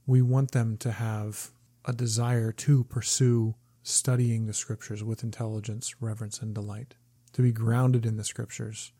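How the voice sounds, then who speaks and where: Mellow-voiced man musing aloud. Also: medium pitch. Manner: thinking aloud with restarts. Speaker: podcast co-host. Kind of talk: casual book discussion.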